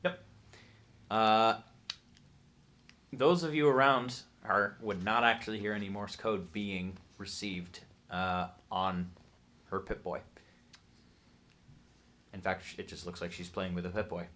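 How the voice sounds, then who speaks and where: Guy gm, lowish voice, laid back, lots of uhs. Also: unhurried, pauses often. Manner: relaxed, explanatory, with frequent fillers. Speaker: game master. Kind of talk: narrating a tabletop game.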